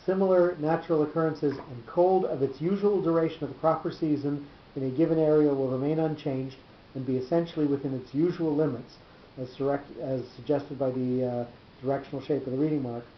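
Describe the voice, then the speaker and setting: Measured, halting male teacher in a roomy room. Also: on the high side, fairly even intonation. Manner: measured, halting, repeats words while thinking. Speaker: Torah class teacher. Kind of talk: explaining text aloud to a small class. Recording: roomy, dull lo-fi class recording with faint noise.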